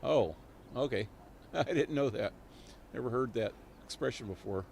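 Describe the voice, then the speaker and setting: A man's voice: mid-range voice, normal speed, creaky, a little mellow, slight background noise. A man live-streaming a video game, rambling and thinking aloud with chuckles. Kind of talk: live gameplay commentary.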